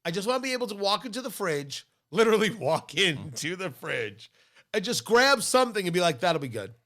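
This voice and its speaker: A middle-aged man talking on a casual podcast, his voice slightly higher than most men's. He swings up and down a lot as he tells stories, with playful outbursts and real enthusiasm. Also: sing-song, a little fast, a bit bright. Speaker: co-host.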